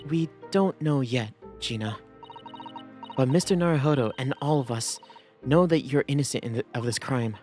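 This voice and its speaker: A man's voice: medium pitch, darkish tone, natural voice. A man voicing a polite, earnest young woman assisting a lawyer, reading a game's dialogue formally.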